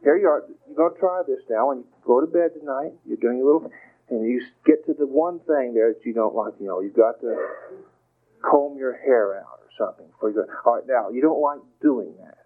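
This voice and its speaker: A man giving a gentle, folksy motivational talk, reassuring and playful as he speaks to the listener. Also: mid-range voice, a little fast. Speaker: inspirational speaker. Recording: tinny phone-like radio broadcast.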